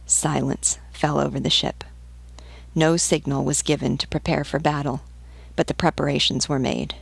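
A woman reading a novel aloud in a measured, even manner. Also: sits low, gravelly, no echo. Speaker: book reader. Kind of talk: audiobook reading.

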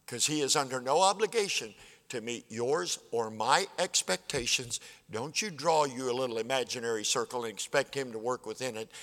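A pastor in his seventies, medium-pitched and fairly bright, preaches a down-to-earth sermon in plain, folksy language and performs the conversations in his stories. The church sanctuary lends the audio a reverberant hall sound.

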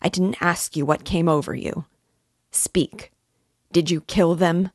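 A woman reading the part of an excitable male police investigator, hurried and emphatic. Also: lowish voice, breathy edge, dry recording, studio quality. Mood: excited. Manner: hurried, emphatic, louder than the narration.

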